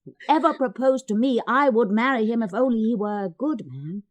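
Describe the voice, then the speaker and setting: An actress in a vintage radio play voicing a kind elder sister who speaks in a soft, earnest, consoling way. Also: female voice, on the high side, expressive, normal speed, natural voice, poor audio.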